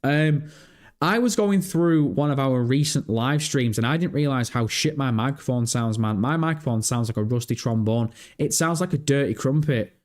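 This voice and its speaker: A young man chatting on his gaming stream, loose and profane, his voice jumping up sharply whenever something surprises him. He sits at a desk mic with the bass turned up too high, so he sounds deep and muddy. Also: normal speed. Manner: excitable, swears freely, pitch leaps when surprised. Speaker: livestream host. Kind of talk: casual livestream chat. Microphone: bass-heavy desk microphone.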